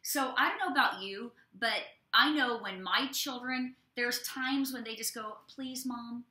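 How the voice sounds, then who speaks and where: A woman preaches and teaches from scripture with lively, expressive delivery and casual asides to her audience. Her voice sits a little high and rings bright. The room around her is echoey. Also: unhurried. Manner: expressive, talks straight to listeners with folksy asides. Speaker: prophet and co-host of a ministry show. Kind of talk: animated preaching and Bible teaching.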